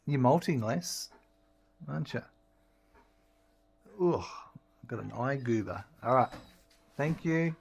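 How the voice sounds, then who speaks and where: A middle-aged man giving relaxed, chatty commentary while streaming a game. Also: medium pitch, slow, vocal fry, long pauses, husky. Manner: relaxed, chatty, talks to his dog in a sing-song voice. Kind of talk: casual gameplay commentary.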